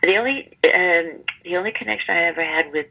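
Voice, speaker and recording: A woman in her seventies, a stage performer interviewed as a guest, telling stories in a lively conversational way and acting out the people in them. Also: lowish voice, brisk, creaky, poor audio. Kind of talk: conversational storytelling.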